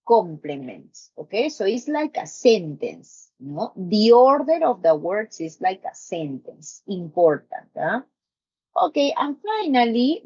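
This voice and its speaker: Slow, lively woman teaching. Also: fairly high pitch, dull audio. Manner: explains slowly, repeats examples, asks "no?" often. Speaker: English teacher. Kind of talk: live-streamed grammar lesson.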